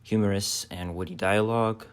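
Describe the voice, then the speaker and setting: A young man, a film student, narrating a video essay in a measured way with filler sounds. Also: on the low side, fairly even intonation, heavy background noise. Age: young adult.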